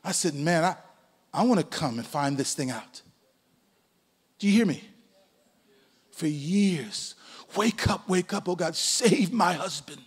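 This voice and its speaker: A pastor in his sixties preaching a sermon, swinging between loud calls and hushed asides. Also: on the high side, lively intonation, a little slow, pauses often, slightly rough, long reverb tail. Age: 60s. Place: church sanctuary.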